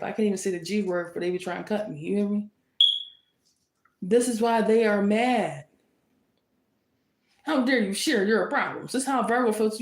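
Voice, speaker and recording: A woman's voice: medium pitch, darkish tone. A woman giving a casual tarot reading, sassy and teasing, laughing often and repeating lines for emphasis. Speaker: tarot reader. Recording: roomy echo.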